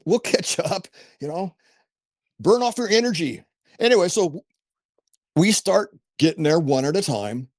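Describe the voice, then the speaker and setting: A middle-aged man appears as a podcast guest and tells a personal story in casual first person, earnest and rambling with restarts and asides. His voice is on the high side, recorded at studio quality with no room sound.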